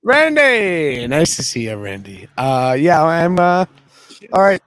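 High-voiced mocking man, loud banter. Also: sing-song, slow, dry recording. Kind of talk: crude casual banter.

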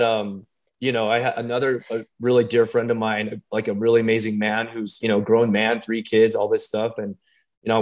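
A man working as a coach, talking casually and telling animated stories with lots of fillers and restarts. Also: on the low side. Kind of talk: casual conversation.

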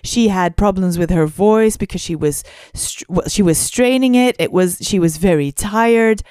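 A woman co-hosting a podcast, musing aloud with frequent pauses and restarts. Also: medium pitch, darkish tone, smooth, dry recording, clean studio sound. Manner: hesitant, many fillers and restarts, musing. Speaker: podcast co-host. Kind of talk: casual podcast chat.

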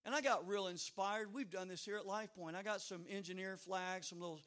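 High-voiced man preaching a lively sermon. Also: fairly quick. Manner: animated storytelling with sudden loud outbursts; humorous asides. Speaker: pastor.

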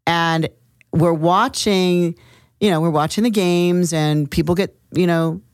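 A middle-aged woman co-hosts a podcast, telling a story in casual chat and animatedly acting out the quotes. Her pitch is fairly low and her pace measured. The sound is clean studio audio with no room sound.

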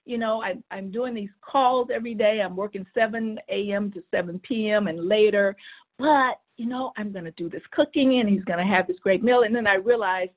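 A middle-aged woman is a guest on a show, recounting a family story with animated energy. She often stumbles over the first words of a sentence, repeating them before carrying on. Her voice comes through a thin, phone-like line. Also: medium pitch, moderate pace. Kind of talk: conversational storytelling.

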